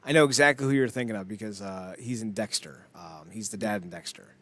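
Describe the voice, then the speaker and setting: A man's voice: lowish voice, fairly quick, fairly bright tone. A man co-hosting a podcast, chatting in a rambling, jokey way and laughing often. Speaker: podcast co-host. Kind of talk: casual chat.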